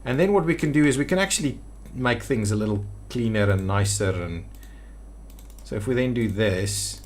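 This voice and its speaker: A man's voice: medium pitch, lively intonation, normal speed, slight background noise. A man giving gameplay commentary on a city-building game, thinking aloud with hesitant restarts as he builds. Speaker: city-builder video creator.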